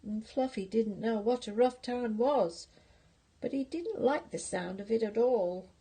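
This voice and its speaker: A woman's voice: on the high side, a little slow, mellow, husky. An older woman reading a picture book aloud to her grandchildren, playful, with whispered asides.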